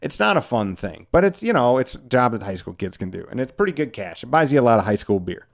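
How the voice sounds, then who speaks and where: A man's voice: mid-range voice, sing-song, fast, vocal fry. A man in his forties hosting a podcast, talking in a rambling, candid, self-deprecating way with lots of filler words. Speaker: podcast host. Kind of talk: casual monologue.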